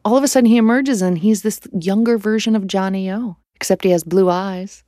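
A woman narrating a radio story in a relaxed storytelling manner. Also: medium pitch, brisk, no room sound, studio quality. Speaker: reporter, narrator. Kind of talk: scripted narration.

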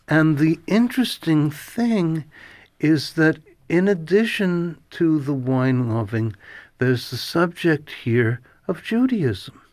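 A man's voice: on the high side, lively intonation, darkish tone, no echo. A man hosting a literary radio interview show from a studio, speaking in a thoughtful, musing way. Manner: slow, thoughtful, musing delivery. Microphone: studio microphone.

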